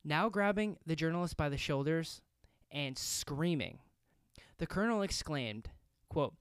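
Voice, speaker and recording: A man's voice: fairly high pitch, animated, unhurried, clear, resonant tone, no echo, clean studio sound. A man narrating history in a casual podcast style, with conversational, reflective asides and the odd filler.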